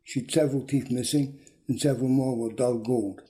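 A man reading a short story aloud in a dry, deadpan manner. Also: medium pitch, normal speed. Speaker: reader.

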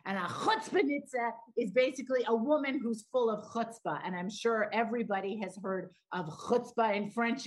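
A woman's voice: on the high side, moderate pace, hardly any pauses. A middle-aged woman, a stage actor talking as an interview guest, enthusiastic about her work. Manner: enthusiastic, warm about her craft, some restarts.

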